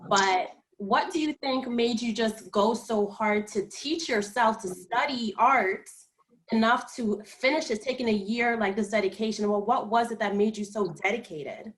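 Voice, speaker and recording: A woman's voice: a little high, normal speed, rough recording. Reflective woman podcast host. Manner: reflective, encouraging. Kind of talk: interview questions.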